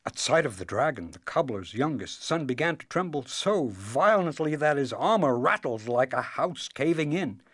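A man reading a fairy tale aloud in a slow, expressive way. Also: medium pitch, dry recording. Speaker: storyteller. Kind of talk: storybook read-aloud.

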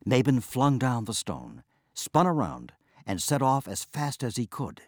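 A man reading a storybook aloud in an expressive, unhurried way. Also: mid-range voice, no room sound, clean studio sound. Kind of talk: storybook narration.

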